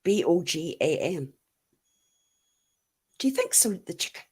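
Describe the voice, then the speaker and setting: A woman's voice: on the low side, very animated, takes it slowly, a little mellow, breathy edge. A middle-aged Irish woman chatting casually as she answers live comments, blunt and laughing often. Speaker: YouTube livestream host.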